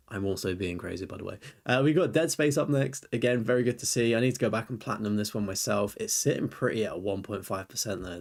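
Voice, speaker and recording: A young man chatting casually on a live stream, rambling as he reviews viewers' lists and answers chat. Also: lowish voice.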